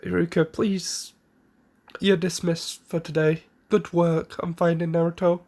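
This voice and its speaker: A man's voice: a little high, little pitch movement, a little slow, a little mellow. A man doing a weary old village leader. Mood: measured. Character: elderly male village leader, weary, patient.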